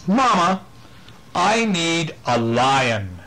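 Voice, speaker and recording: A man's voice: fairly high pitch, sing-song, extremely slow, pushed and bright, pitched above the performer's own voice, full character voice, low-quality recording. A father voicing an eager little girl in a storybook he is reading aloud.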